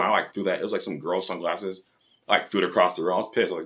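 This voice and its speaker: Deep-voiced man ranting bluntly. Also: fairly even intonation, rapid-fire, fairly bright tone, highs cut off. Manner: blunt, profane, lecturing. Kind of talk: casual rant to camera.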